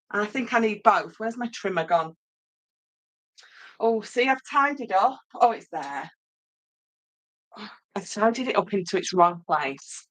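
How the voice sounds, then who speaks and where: Lady doing a live craft tutorial, lowish voice, rambly and chatty, lots of ums. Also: fairly bright tone, low-quality recording. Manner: chatty, rambling, greets viewers by name, many ums. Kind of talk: casual live craft demonstration.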